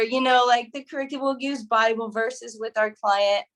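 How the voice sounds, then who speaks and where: A woman's voice: fairly high pitch, steady tone, normal speed, fairly bright tone. Earnest, enthusiastic woman testimonial, video call. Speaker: mentor and graduate sharing experience.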